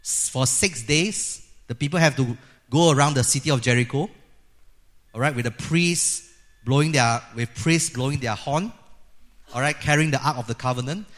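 A middle-aged man preaching a sermon as a pastor, lively and acting out the voices he quotes. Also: mid-range voice, moderate pace. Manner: lively, acts out quoted voices of God and people.

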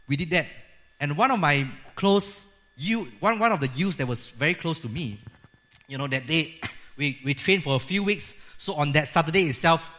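A middle-aged man preaching a sermon as a pastor, lively and acting out the voices he quotes. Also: on the high side. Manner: lively, acts out quoted voices of God and people.

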